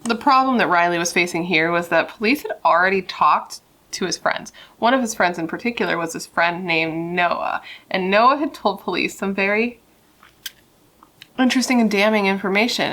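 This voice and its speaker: A woman's voice: medium pitch, normal speed, a bit bright. A young woman telling a true crime story in a casual, chatty way, swearing and saying "like" a lot.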